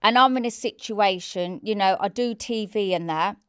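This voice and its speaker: A woman's voice: medium pitch, moderate pace, clear, resonant tone, dry recording, studio quality. Candid, swearing woman in her forties. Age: 40s. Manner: candid and blunt, swears freely, acts out quoted shouts. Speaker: interview guest. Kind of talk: emotional personal storytelling.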